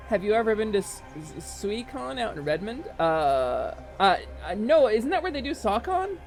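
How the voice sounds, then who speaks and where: Animated woman streamer, lively pitch. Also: unhurried, soft background music. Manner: animated, swings into loud mock outrage and laughter. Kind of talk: casual live-stream chat while gaming.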